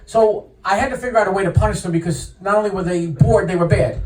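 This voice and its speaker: A middle-aged man from New York doing a stand-up comedy set, telling stories in a deadpan way and pausing before each punchline. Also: high voice. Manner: deadpan storytelling with punchline pauses. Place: comedy club stage. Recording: roomy live venue, mic heard from a distance.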